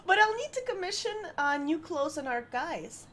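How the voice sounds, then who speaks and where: High, lively, playful woman co-host. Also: moderate pace, slight background noise. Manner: playful, giggly, teasing. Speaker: co-host of a live stream Q&A. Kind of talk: casual live-stream chat.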